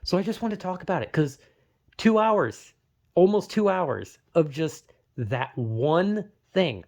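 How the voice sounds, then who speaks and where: A man vlogging a heated, profanity-filled rant about a video game, with sudden loud outbursts and a headache. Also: fairly high pitch. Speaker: gaming vlogger. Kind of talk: ranting vlog monologue.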